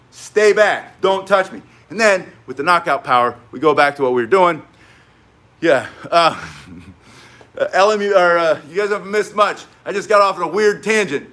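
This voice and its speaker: Blunt, emphatic man with a high voice. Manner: emphatic, blunt, animated storyteller. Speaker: self-defense instructor. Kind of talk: casual spoken teaching with stories.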